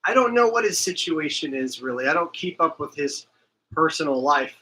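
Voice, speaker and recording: A man hosts a livestream in loose, chatty asides, reading out comments from his viewers. His voice sits a little high and has a bright, tense edge. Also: lively intonation, normal speed, low-quality recording. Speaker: livestream host.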